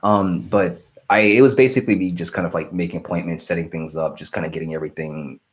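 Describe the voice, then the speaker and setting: A man's voice: sits low, fairly even intonation, fast talker. A young man hosting a casual live stream, rambling and apologetic as he answers viewer questions. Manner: rambling, self-interrupting, apologetic.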